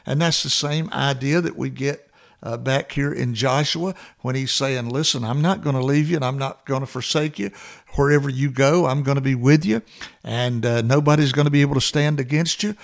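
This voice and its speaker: A man's voice: mid-range voice, moderate pace, creaky. A man preaching a sermon, earnest and exhorting, building to emphatic repeated phrases.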